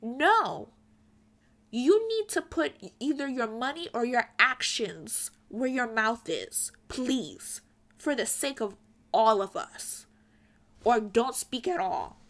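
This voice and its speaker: Slow, earnest young woman lecturing. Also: a little high, sing-song, a bit bright. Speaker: commentary vlogger. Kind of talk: opinion commentary to camera.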